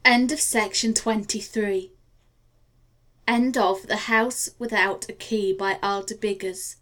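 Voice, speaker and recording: A woman reading a novel aloud as an audiobook narrator, measured and gently expressive. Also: medium pitch. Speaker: audiobook reader. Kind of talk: scripted narration.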